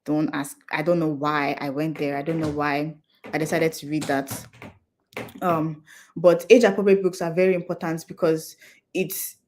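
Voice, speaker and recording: Young adult woman, conference speaker, earnest explainer, voice sits a bit low. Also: flat delivery, normal speed, darkish tone, a little hiss or hum. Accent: non-Nigerian English accent. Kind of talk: talk to an audience.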